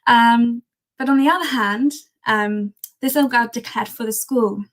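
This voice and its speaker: A woman's voice: on the high side, moderate pace. A woman presenting a history talk on old newspaper archives in a chatty, enthusiastic way, with frequent ums and restarts. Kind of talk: live-streamed history talk.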